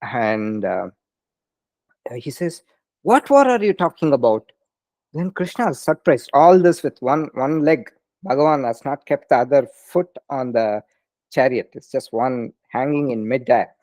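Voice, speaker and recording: A man teaching a scripture study class, telling stories in a casual, easygoing way with quick laughs. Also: mid-range voice, a little mellow, no room sound. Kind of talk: lecture with storytelling.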